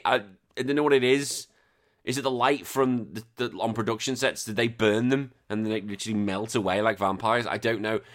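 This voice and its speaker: A man hosting a podcast, chatting casually in a rambling, animated way and swearing freely. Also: mid-range voice. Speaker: podcast host.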